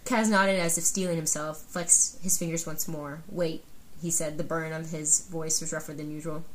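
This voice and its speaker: Lower-voiced woman co-hosting a book podcast. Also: fairly even intonation, normal speed, low-quality recording. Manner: earnest, gushing about the book. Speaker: podcast co-host. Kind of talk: casual chat and reading aloud.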